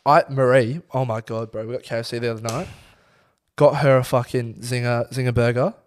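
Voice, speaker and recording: A man's voice: mid-range voice, steady tone, brisk. A young Australian man co-hosting a podcast, chatting in a laid-back, teasing way with casual swearing. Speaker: podcast co-host. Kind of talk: casual chat.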